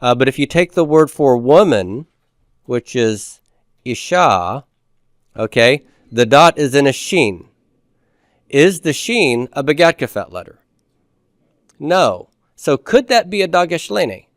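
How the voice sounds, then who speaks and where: A patient male teacher lecturing on grammar, stopping often to make sure the class is following. His voice is smooth and resonant at a middle pitch. The recording is dry and close. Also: very animated, slow pace, pauses often, no room sound. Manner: patient, repeats key points, checks understanding with "okay?".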